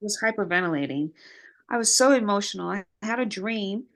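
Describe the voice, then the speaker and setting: Animated woman telling a story. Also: medium pitch, a little fast. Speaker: retreat guest. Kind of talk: casual conversation.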